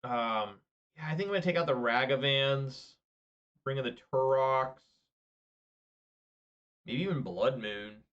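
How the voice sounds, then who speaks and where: A man casually commentating his own card game matches, muttering through quiet turns and getting loud and excited at big plays. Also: mid-range voice, a little slow, pauses often, lo-fi sound. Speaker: gameplay commentator.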